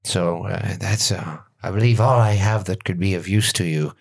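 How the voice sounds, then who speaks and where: A man's voice: sits low, moderate pace, vocal fry. A man narrating as game master of a tabletop game, loose and full of fillers.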